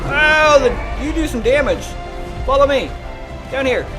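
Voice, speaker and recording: High-voiced man frantically streaming a game. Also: a little slow, over music, crowd noise. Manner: frantic, exclaiming and urging; casual, says "dude" and "bro". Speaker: livestreamer. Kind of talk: live gameplay commentary.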